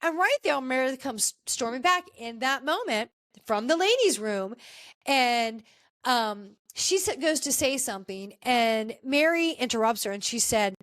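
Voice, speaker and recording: Her high, fairly bright voice moves with lively intonation and no hurry as she hosts a podcast. Casual and opinionated, she recaps a reality TV episode and talks straight to the cast, with no room sound.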